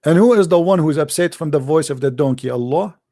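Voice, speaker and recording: Call-in debate host, male, mocking and taunting, mellow voice pitched a bit high. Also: fast talker. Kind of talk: live call-in religious debate.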